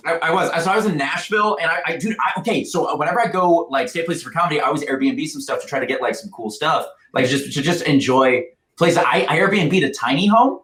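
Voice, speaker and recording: Brief: high-voiced male comedian co-host, lively and self-mocking, roomy echoey sound. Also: fast talker, hardly any pauses. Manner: animated, self-deprecating, laughs often. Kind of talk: casual chat. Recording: roomy echo.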